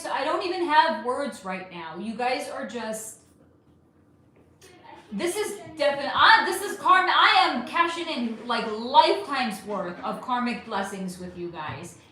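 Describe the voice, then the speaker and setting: A middle-aged woman with a slightly high voice chats her way through viewer comments on a livestream. She is affectionate and loose-tongued, tossing out pet names and casual curses. Her voice rings in a noticeably echoey room. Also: sharp tone. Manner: chatty, affectionate, calls viewers honey, swears freely. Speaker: livestream host.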